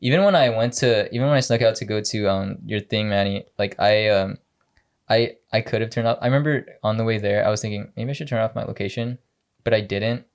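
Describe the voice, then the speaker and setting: A man's voice: lowish voice, brisk. A young man telling a long story in casual podcast chat, rambling with many fillers and quoted dialogue. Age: young adult. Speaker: podcast co-host.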